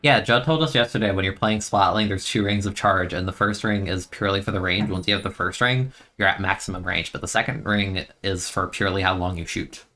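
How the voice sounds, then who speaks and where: Man, young adult, streamer, casual game commentary, rambling, chatty, forceful tone. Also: sits low, brisk, few pauses. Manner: rambling, chatty, laughs often.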